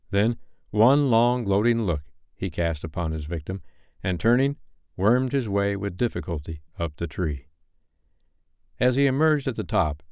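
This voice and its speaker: A man reading a classic novel aloud as a bedtime story, with expressive, dramatic delivery. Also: fairly low pitch, dry recording, clean studio sound.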